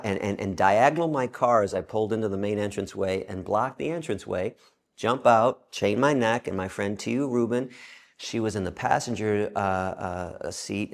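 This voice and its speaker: Gravelly man telling a lively story. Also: lowish voice. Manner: animated storyteller, acts out quoted voices. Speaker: interview guest. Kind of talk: storytelling in an interview.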